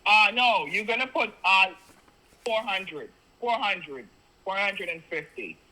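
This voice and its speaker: A Jamaican-accented man with a high, very bright voice talks over the phone. He repeats his instructions insistently, in broken grammar. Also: animated, slow pace, rough recording. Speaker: phone scammer. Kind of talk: phone call.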